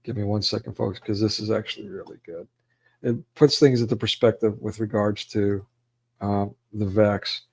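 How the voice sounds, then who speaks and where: A man's voice: on the low side, steady tone, moderate pace, gravelly, darkish tone. A man hosting a livestream, giving rambling, preachy, emotional commentary with frequent restarts. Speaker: livestream host.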